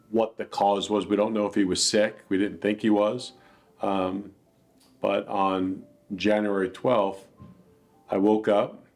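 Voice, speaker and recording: A man earnestly telling a personal account in a plainspoken, reflective way. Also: lowish voice. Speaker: dog attack victim telling his story.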